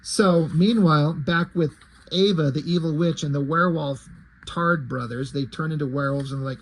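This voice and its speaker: Brief: laid-back man summarizing a book, slightly high voice, loose and profane. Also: moderate pace, a little hiss or hum. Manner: loose, profane, rambling asides. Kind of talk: casual retelling of a story.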